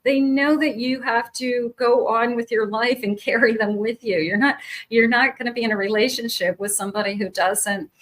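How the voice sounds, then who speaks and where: A woman's voice: a little high, fairly even intonation. A woman psychic giving a tarot reading to her viewers, soothing and meandering, often restarting her sentences. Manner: slow, soothing, searching for words with many restarts.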